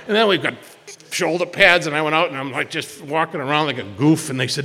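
A man's voice: medium pitch, lively intonation, fast talker, bright, forceful tone, big-room sound. A man telling personal stories at a twelve-step recovery meeting, rambling, restarting often and acting out what people said. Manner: rambling storytelling with many restarts and acted quotes.

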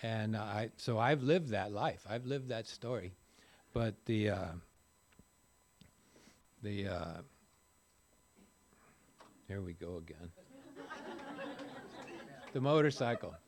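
A man's voice: on the low side, slow pace, long pauses, some chatter behind. An older man speaking at a recovery meeting, telling folksy, rambling stories with self-deprecating humor. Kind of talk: personal recovery talk to a group.

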